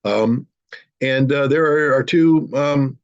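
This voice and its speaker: A man giving forceful, indignant political commentary as a guest in an online interview. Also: medium pitch, takes it slowly, no room sound, dull audio.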